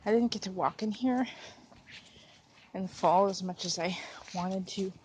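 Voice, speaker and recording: A young woman talks to her handheld camera as she hikes through a forest at dusk, chatty and giggly. She is slightly out of breath from walking, her voice sitting in a middling pitch. Faint outdoor air hums softly behind her. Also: measured pace, slight background noise. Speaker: vlogger. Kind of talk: casual vlog narration while walking. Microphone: handheld camera while walking.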